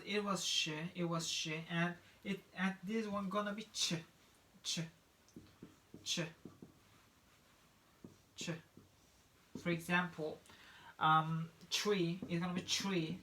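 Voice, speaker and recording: Male pronunciation teacher, slow measured delivery, drills example words with frequent restarts. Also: sits high, a bit bright, slight background noise. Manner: repeats each example word several times, with many restarts. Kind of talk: pronunciation lesson.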